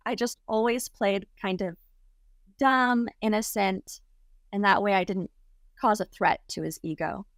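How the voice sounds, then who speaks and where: A woman's voice: on the high side, unhurried, no room sound, clean studio sound. Chatty young woman telling a story. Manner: chatty, lots of "like", acts out quotes. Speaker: guest, content creator. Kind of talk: casual storytelling.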